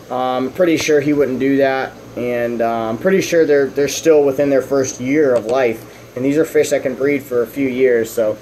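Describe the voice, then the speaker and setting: A young man from the Southern US with a Texan accent, giving a rambling, halting update about his fish at home and often restarting his sentences. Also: fairly high pitch, darkish tone, a little hiss or hum, low-quality recording. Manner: coos at his fish in a raised voice. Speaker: fish-keeping vlogger.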